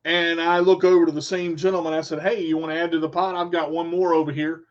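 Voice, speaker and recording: A man telling a casual, animated story in folksy phrasing, acting out what people said. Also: fairly high pitch, quick pace. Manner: animated storyteller, acts out quotes. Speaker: vlogger. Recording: dull lo-fi sound.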